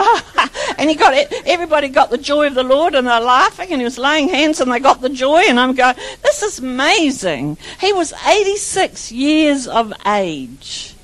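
A woman's voice: sits high, rough recording. A woman preaching a charismatic sermon, fervent and chanting repeated lines, rambling with restarts and bursts of laughter.

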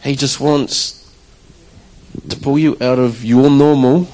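A man stands before a church congregation and tells his story in an easy, conversational way. His pitch sits right in the middle of the range for a man. He plays out his own surprised reactions as he goes. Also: slow, rough recording. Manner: conversational, animated storytelling with acted-out quotes. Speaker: church drummer giving testimony. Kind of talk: church testimony.

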